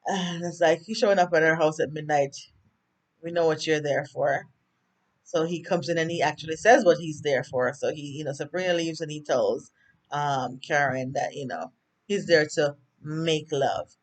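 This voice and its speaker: A woman's voice: low-pitched, normal speed. Chatty Jamaican woman recapping a show. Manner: chatty and rambling, many fillers and asides to viewers. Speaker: TV recap vlogger. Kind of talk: casual episode recap.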